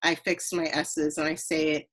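A woman from Trinidad, hosting a podcast, telling her story in an earnest, animated casual conversation. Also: low-pitched, normal speed, rough recording. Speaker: podcast host.

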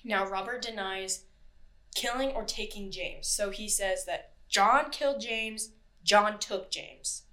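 A woman's voice: medium pitch, slow pace, bright, forceful tone. A woman co-hosting a podcast, telling a true crime story in casual, chatty talk, swearing freely and acting out what people said. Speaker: podcast co-host.

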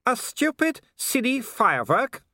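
A man's voice: sits high, lively intonation, moderate pace, fairly bright tone, dry recording, clean studio sound, pitched above the performer's own voice. A man voicing a mocking young male werewolf aristocrat in an audiobook, taunting and sneering.

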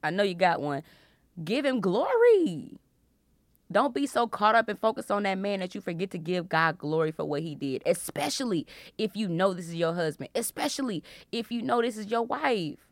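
A young woman hosting a faith podcast, teaching from the Bible in a casual, playful way with frequent loud laughter. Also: medium pitch, normal speed, dry recording, clean studio sound. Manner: animated, laughs loudly and often, playful preacher tone.

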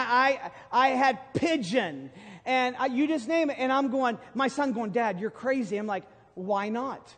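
A middle-aged man preaching a sermon as pastor, storytelling with emphatic, sudden loud bursts. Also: very high-pitched. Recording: long hall reverb from a sanctuary.

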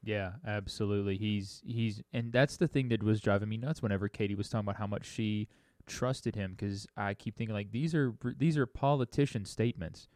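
Male co-host, lowish voice, dry close mic, opinionated musing talk. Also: fairly quick, a little mellow, no room sound. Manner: opinionated, musing, lots of restarts. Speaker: podcast co-host. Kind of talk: casual recap chat.

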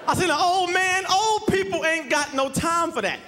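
A man performing a stand-up comedy set, telling stories loudly with profanity and bursts of shouting. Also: extremely high pitch, a little slow, long pauses, crowd noise. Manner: loud, profane, animated storytelling with shouts. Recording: live club with audience laughter and noise.

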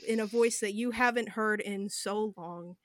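A woman's voice: mid-range voice, a little slow. A woman running a tabletop game as game master, narrating in a vivid, descriptive way with some fillers.

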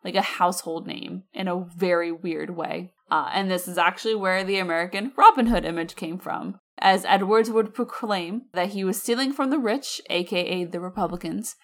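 A woman's voice: fairly low pitch, moderate pace, few pauses. A woman co-hosting a podcast, telling a history story in a casual, slangy way with chatty asides. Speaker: podcast co-host.

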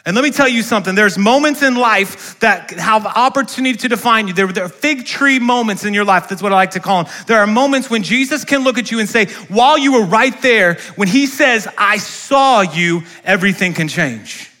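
Male pastor, high voice, bright tone, lively sermon in a church. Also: fairly quick, few pauses. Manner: preaching with call-and-response questions to the congregation. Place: church sanctuary.

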